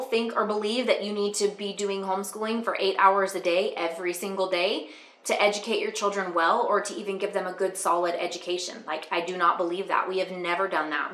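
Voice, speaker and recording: A woman's voice: mid-range voice, fairly even intonation, a little fast, a bit bright. A middle-aged woman, a homeschool mom, talking casually and earnestly to camera about her family's routine, chatty with fillers. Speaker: homeschool mom and channel host. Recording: echoey room.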